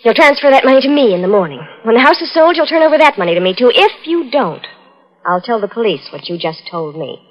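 A scheming blackmailing fiancée. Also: female voice, a little high, very animated, quick pace. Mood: cold. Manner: sweetly coaxing, then icy and calculating. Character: scheming young fiancée turned cold blackmailer. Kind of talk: 1940s radio drama acting. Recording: dull old radio broadcast.

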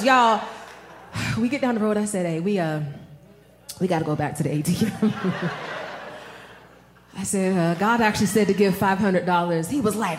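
Woman, preacher, high voice, echoey room, animated storytelling. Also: normal speed, faint music behind. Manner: animated storytelling, addresses audience as y'all. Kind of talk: sermon with personal story.

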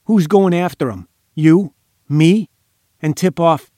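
A man's voice: mid-range voice, normal speed, dry recording, clean studio sound, lightly acted. A man doing a snarling, jeering thug. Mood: growling. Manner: snarling, rasping, growling. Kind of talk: audiobook character voice.

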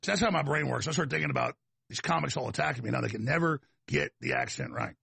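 A man's voice: a little high, lively intonation, fast talker, creaky, sharp tone, slightly rough, no room sound. A man with a Texas accent, hosting a talk show in a rambling, combative, folksy monologue that wanders off on tangents.

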